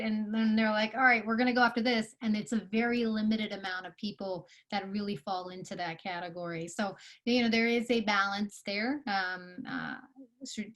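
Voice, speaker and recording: A woman giving a live online workshop talk to founders, earnest and coaching, with many fillers and restarts. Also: mid-range voice. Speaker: conference speaker.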